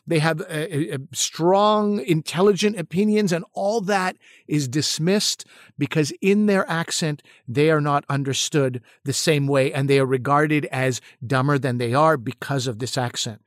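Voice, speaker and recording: A man's voice: fairly high pitch, fairly even intonation, measured pace, no echo, clean studio sound. A middle-aged man co-hosting a casual discussion, talking earnestly and animatedly, often repeating words as he gathers his thoughts. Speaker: podcast co-host and actor-comedian.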